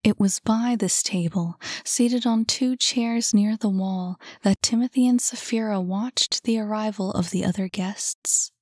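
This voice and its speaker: Soft, unhurried woman narrator. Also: mid-range voice, dry recording, clean studio sound. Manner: soft, calm, unhurried reading. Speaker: audiobook narrator. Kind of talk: scripted narration.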